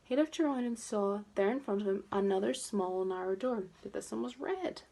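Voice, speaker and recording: Teacher lady reading a kids' book aloud, expressive and coaxing, bit of vocal fry. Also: mid-range voice, normal speed. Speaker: preschool teacher. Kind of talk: reading a storybook aloud to toddlers.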